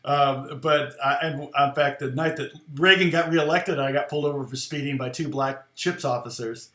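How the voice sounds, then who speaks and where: A man's voice: mid-range voice, steady tone, moderate pace, a bit bright, reverberant. A middle-aged man, a guitar teacher, telling rambling, chuckling anecdotes in casual conversation. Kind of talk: casual storytelling.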